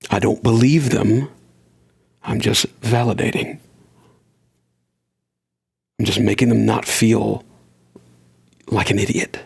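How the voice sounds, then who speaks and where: A man's voice: on the low side, steady tone, slow, creaky, long pauses, breathy edge. A man hosting a solo podcast, talking in an earnest, conversational way and shifting his pace for emphasis. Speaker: podcast host.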